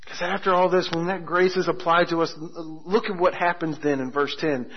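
A man with a slightly raised pitch delivers a pastor's sermon, mixing stories and jokes with stretched-out, emphatic phrases. The recording sounds muffled and lo-fi. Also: steady tone, husky. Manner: storytelling with humor and emphatic slowing on key phrases.

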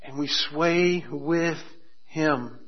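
Higher-voiced man preaching a sermon, lo-fi. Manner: storytelling with humor and emphatic slowing on key phrases. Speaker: pastor. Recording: muffled lo-fi sermon recording.

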